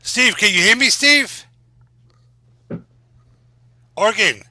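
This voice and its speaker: Bright-voiced New man, animated. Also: sits high, normal speed, dry recording. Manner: animated, jokey storyteller. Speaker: co-streamer. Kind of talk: casual live-stream chat.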